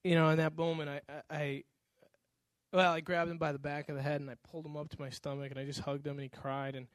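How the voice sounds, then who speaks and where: High-voiced man telling a sermon story. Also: fast, no room sound. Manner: animated storytelling, acting out voices. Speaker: pastor.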